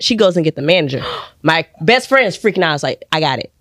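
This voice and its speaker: A young woman from Texas, a podcast guest and actress, telling a personal story in an animated way and acting out other people's voices with sudden high jumps. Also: fast, dry recording, clean studio sound. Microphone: studio podcast mic.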